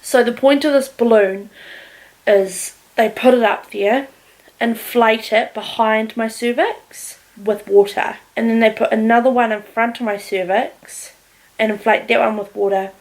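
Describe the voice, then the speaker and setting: A woman recounts her own story to the camera in a relaxed, unfiltered vlog style. Her voice sits a touch high, and she talks frankly, peppering it with swearing. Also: unhurried, poor audio. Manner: candid, heavy swearing, animated retelling. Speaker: vlogger. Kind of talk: casual storytelling.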